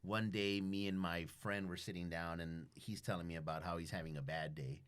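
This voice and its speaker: A man chatting as a podcast guest, telling animated stories full of profanity and acting out everyday conversations. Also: low voice, brisk, clear, resonant tone. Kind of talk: casual chat, storytelling.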